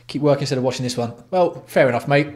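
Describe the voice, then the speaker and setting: A man's voice: mid-range voice, racing, a little mellow. A man from England hosting a casual livestream, greeting viewers by name with blunt, sweary banter. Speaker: livestream host.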